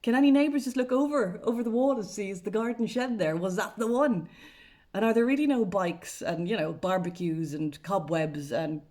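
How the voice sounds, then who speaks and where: A woman's voice: mid-range voice, moderate pace, darkish tone. A woman with an Irish accent, a journalist giving a wry, sarcastic, chatty update straight to camera. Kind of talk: casual vlog commentary.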